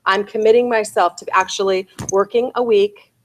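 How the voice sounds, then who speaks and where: A woman's voice: medium pitch, steady tone, normal speed, a little hiss or hum. A woman in her forties giving a real estate sales bootcamp talk, often asking her audience "right?" and "okay?".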